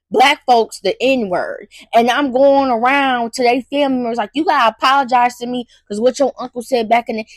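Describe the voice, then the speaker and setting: A young woman rants on a commentary show, emphatic and slangy, circling back over her points. Her voice sits a bit high. The sound is dry and close, with no room around it. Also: no echo. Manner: animated, emphatic, repeats herself, slangy. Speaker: commentary host. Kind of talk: casual ranting commentary.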